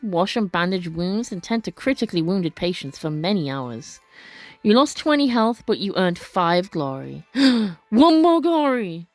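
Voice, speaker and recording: A woman narrating a story game in a casual, chatty way, reading aloud and often correcting herself. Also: mid-range voice. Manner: chatty, self-correcting, stumbles over words. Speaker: let's play narrator.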